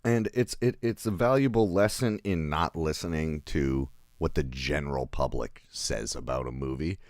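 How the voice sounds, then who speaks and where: A man's voice: extremely low pitch, moderate pace, a little mellow, no room sound, clean studio sound. A man reviewing a film in a casual livestream, rambling, chuckling and answering live chat as he goes.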